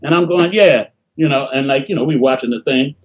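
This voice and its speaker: An older man from Detroit telling animated stories in a casual interview over a video call, often acting out what people said. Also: mid-range voice, brisk. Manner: animated, laughing storyteller, acts out quotes. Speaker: interview guest, bassist. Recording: dull lo-fi call audio.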